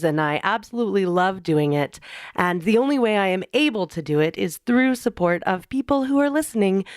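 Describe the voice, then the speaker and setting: A woman hosting a circus podcast, chatty and playful as she makes her pitch and introduces her guest. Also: no room sound, clean studio sound. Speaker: podcast host.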